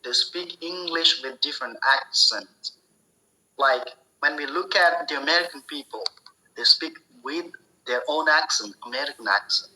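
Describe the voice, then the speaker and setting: A man giving a spoken English lesson, explaining slowly and deliberately, often repeating and restarting his phrases. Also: on the high side, pushed and bright, a little hiss or hum, poor audio. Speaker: English teacher.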